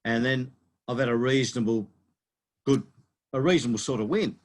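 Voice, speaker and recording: An Australian man co-hosting a casual betting podcast, telling a story in halting phrases with frequent restarts. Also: mid-range voice. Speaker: podcast co-host.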